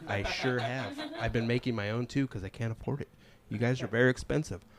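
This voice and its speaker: A man's voice: medium pitch, fairly even intonation, fast. Self-mocking male stand-up comic. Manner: self-deprecating, laughs at his own jokes. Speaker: stand-up comedian. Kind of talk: open mic stand-up set. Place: comedy club stage.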